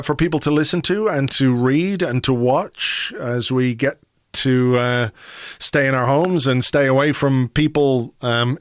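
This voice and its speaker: A man hosts a podcast in a relaxed, chatty way, with lots of ums and uhs. His voice sits at a middling pitch. The sound is dry and close, with no room behind it. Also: dry recording. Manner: relaxed, chatty, many fillers. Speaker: podcast host. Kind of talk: casual chat.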